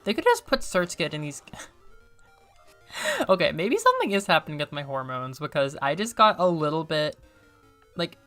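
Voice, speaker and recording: Chatty woman streaming a game, bright-toned. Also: sits low, moderate pace, long pauses, faint music behind. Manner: chatty, excitable, self-deprecating. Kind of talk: casual gameplay commentary.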